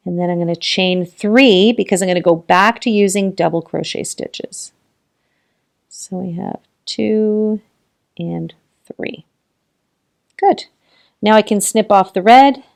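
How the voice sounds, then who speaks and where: A woman's voice: mid-range voice, gravelly. A woman hosting a casual crochet tutorial, talking through each step, counting stitches aloud and encouraging viewers with frequent laughs.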